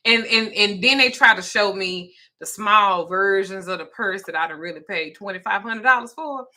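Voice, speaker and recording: A woman's voice: mid-range voice, moderate pace, pushed and bright. A grandmother talking casually, blunt and profane, laughing as she tells stories. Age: older. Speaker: host. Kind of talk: casual chat.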